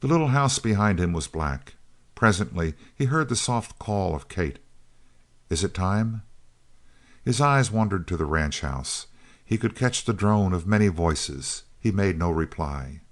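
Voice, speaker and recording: Deep-voiced male audiobook narrator. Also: animated, moderate pace. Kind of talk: scripted narration of a Western novel.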